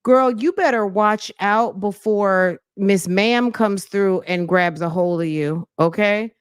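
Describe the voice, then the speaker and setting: A woman's voice: mid-range voice, takes it slowly, clear, resonant tone, no echo, studio quality. A woman giving sassy, teasing commentary as she reacts to a video.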